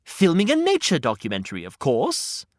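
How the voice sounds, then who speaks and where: A man voicing an eager, earnest male hedgehog sidekick who narrates in a hushed nature-documentary manner. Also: a little high, wildly swooping pitch, normal speed, dry recording, studio quality. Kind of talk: podcast storytelling skit.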